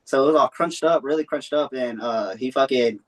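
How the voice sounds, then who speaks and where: A man's voice: medium pitch, a little fast. A young man telling a long personal story in a loose, rambling way, full of swearing and fillers. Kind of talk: casual storytelling.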